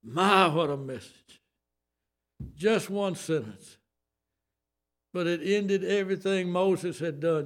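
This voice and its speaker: A man's voice: high voice, slow pace, pauses often, fairly bright tone. An older man with a Southern US accent preaching a sermon, folksy and emphatic, with homespun asides.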